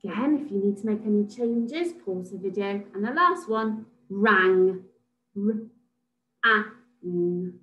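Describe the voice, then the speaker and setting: A woman teacher from England giving a recorded phonics lesson to young children, sounding out letters slowly and praising them. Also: mid-range voice, expressive, a bit bright, lo-fi sound. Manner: slow, sing-song, sounds out letters and praises. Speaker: reception class teacher.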